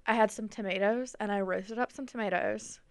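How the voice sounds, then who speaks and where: A woman's voice: mid-range voice, steady tone, brisk, no room sound. A young woman co-hosting a casual chat podcast, telling stories in an easygoing way with lots of fillers. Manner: easygoing, filler-heavy storytelling. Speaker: podcast co-host.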